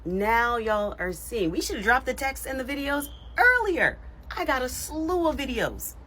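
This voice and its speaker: A woman's voice: high voice, sing-song, normal speed, bright, forceful tone, slight background noise. A woman giving social media commentary, emphatic and repetitive with a sassy edge.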